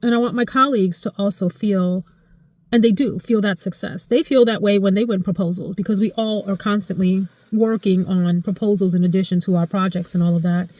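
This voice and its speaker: Expressive woman in her forties, dry close sound. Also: a little fast, no room sound. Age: 40s. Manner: expressive and emotional, voice jumping high in excited retellings. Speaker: vlogger. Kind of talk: casual life chat to camera.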